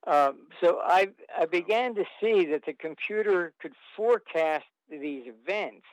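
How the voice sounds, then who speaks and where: A man's voice: sits high, unhurried, dry recording, rough recording. A man telling long anecdotes as an interview guest, rambling with fillers and restarts.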